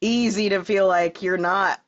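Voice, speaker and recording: A woman's voice: medium pitch, steady tone, measured pace. Female podcast co-host, easy laugh, trailing sentences, slightly dull audio. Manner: laughs easily, trails off mid-thought. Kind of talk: casual podcast chat.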